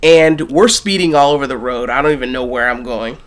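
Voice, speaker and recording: A young man vlogging, telling a story animatedly and swinging between loud bursts and hushed asides. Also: mid-range voice, a little fast. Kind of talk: casual storytelling vlog.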